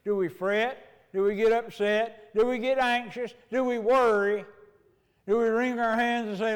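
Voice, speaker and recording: A man's voice: very high voice, steady tone, unhurried, clear, resonant tone, long reverb tail. An older man preaching a sermon as pastor, telling homespun stories in a folksy way.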